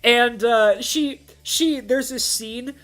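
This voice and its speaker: A man's voice: extremely high pitch, slow, fairly bright tone. A man hosting a casual live stream, rambling with lots of filler words and frequent laughter. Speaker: streamer host.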